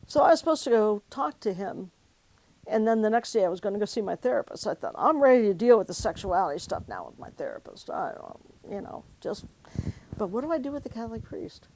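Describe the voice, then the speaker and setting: A woman's voice: fairly high pitch, gravelly, a little mellow, poor audio. A woman who was once a pastor tells her life story in an oral history interview, reflective and emotional, often quoting past conversations. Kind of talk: personal storytelling.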